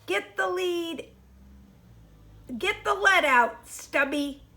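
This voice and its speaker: A woman's voice: extremely high pitch, drawn-out words, pushed and bright, voice pushed up, heavily acted. A woman voicing an impatient, commanding pair of scissors in a storybook reading, giving curt orders. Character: gruff male scissors, impatient leader.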